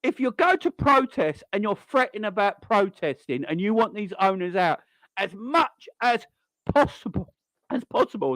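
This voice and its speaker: A man's voice: sits high, sharp tone, no echo. A man hosting a football channel, ranting angrily and swearing as he mocks online fans. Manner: sweary, mocking, mimics people. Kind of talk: angry fan rant.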